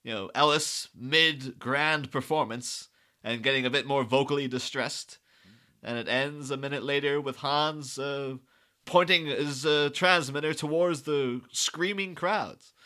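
Man, podcast co-host, rambling with fillers, acts out quotes, bright edgy tone. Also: mid-range voice, a little slow. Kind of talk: casual podcast chat.

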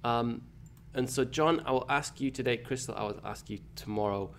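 A man hosting a podcast, talking in a relaxed way while wrapping up the episode. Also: mid-range voice, normal speed, gravelly, slight background noise. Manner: relaxed, wraps up the show with plugs. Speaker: podcast host. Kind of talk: casual podcast chat.

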